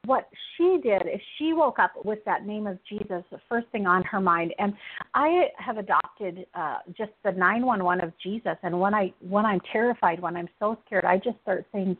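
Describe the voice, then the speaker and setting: A woman's voice: fairly high pitch, expressive, a little fast. A woman hosting a Christian talk show, telling personal stories earnestly and with animation, often laughing. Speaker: radio show host. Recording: tinny phone-like sound.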